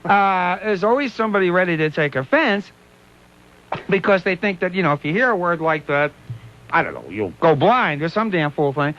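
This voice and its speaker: A man hosting a radio show, telling stories in a casual, animated way and slipping into voices, heard on a dull lo-fi broadcast recording. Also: high-pitched, normal speed, a little hiss or hum. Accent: Pittsburgh. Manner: animated, laughing, doing voices in quoted bits. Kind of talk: casual on-air storytelling. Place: radio studio.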